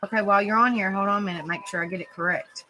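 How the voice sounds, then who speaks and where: A bright, clear-toned woman hosts a casual livestream chat. She is folksy and exclamatory and talks to her viewers as she types. Her pitch sits in the middle of the usual range. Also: fairly even intonation, very fast, slight background noise. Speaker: livestream panel host.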